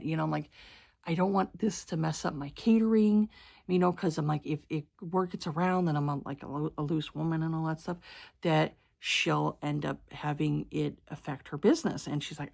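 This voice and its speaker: This is a woman vlogger retelling a romance plot in a relaxed, meandering way. Her voice sits low with a gravelly fry. She piles on fillers, restarts her sentences and sometimes gets stuck on a word. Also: normal speed. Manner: rambling, lots of fillers and restarts; stumbles over certain words. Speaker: book vlogger. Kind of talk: casual book recap.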